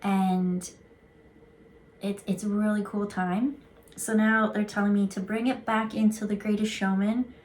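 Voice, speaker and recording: A woman at a mid pitch chats her way through an intuitive card reading, rambling from thought to thought. She drops in casual swear words. Her talk is loose and unscripted, with a faint hiss of noise behind her. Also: steady tone, a little slow, darkish tone.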